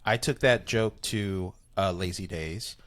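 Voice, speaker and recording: A man, a comedian, talking casually on a podcast, rambling and animated, with many restarts. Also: sits low, slow pace. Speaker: comedian guest.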